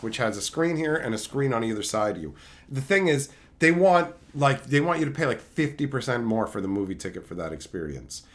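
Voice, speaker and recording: This man has a medium-pitched, slightly bright voice. He's a streamer reviewing and chatting live, ranting sarcastically and with plenty of profanity as he answers chat.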